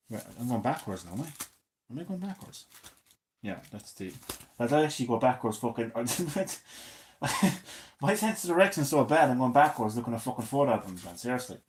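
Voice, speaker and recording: A man in his thirties, chatting casually and swearing a lot as a gaming streamer, drifting between loud remarks and mumbled asides. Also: on the low side, a little hiss or hum. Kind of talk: casual rambling commentary.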